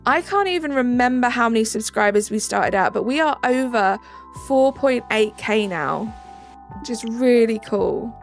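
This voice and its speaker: A chatty British woman runs a live stream, reading out chat messages, answering them, and thanking viewers. Her voice is a little high and expressive, delivered at a normal speed, over faint background music.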